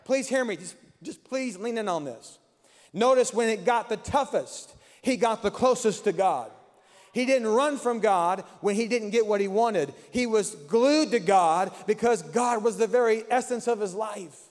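A man's voice: sits high, a little slow, darkish tone, big-room sound. A man preaching a sermon as pastor, with an impassioned, repetitive cadence in a church sanctuary.

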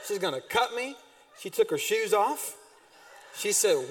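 High-voiced pastor preaching in a church hall. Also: male voice, normal speed. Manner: animated storytelling with sudden loud bursts and drops. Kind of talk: sermon. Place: church sanctuary. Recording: distant mic in a reverberant church hall.

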